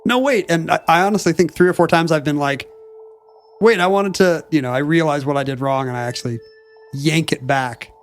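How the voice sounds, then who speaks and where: A man's voice: fairly high pitch, steady tone, fast talker, faint music behind. A man co-hosting a podcast in casual chat, reading listener mail with dry asides. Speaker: podcast co-host.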